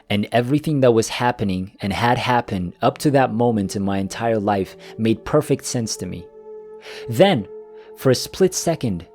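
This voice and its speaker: A man narrating a scripted first-person story in a calm, even manner. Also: mid-range voice. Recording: faint music behind the voice.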